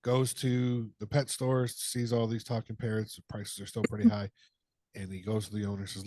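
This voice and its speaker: A man's voice: fairly low pitch, mellow, no room sound. A man co-hosting a podcast, telling a long dirty joke in a profane, rambling way. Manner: profane, drawn-out storyteller. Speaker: podcast co-host. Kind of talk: casual chat, telling a joke.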